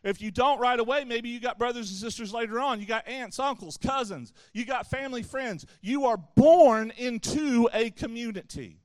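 A youth pastor with a notably high voice delivers a sermon to a youth audience in an easy, conversational way, tossing playful asides to listeners between points. He keeps a moderate pace with few pauses. His voice sounds dry and close to the mic, with no echo.

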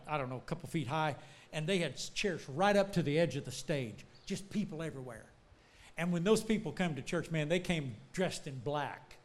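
A man preaching a sermon, telling folksy stories and building to shouts. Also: on the high side. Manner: animated, rising to shouts, folksy storytelling.

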